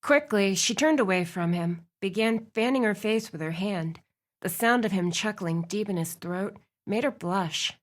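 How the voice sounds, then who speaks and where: A woman reading a romance audiobook aloud, with expressive narration. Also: mid-range voice, moderate pace. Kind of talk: scripted narration.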